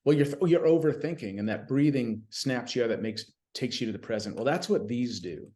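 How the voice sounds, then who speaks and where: A man telling stories as a guest in a casual podcast conversation, animated and chatty, often saying "you know what I mean.". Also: medium pitch, fairly quick. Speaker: podcast guest, BMX announcer.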